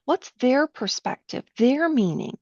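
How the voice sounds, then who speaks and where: A woman's voice: sits high, lively intonation, unhurried, a little mellow, dry recording. A middle-aged woman, a counselor, teaching a workshop patiently step by step, often checking in with her listeners. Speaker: counselor leading a training session. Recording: dull lo-fi sound, dry.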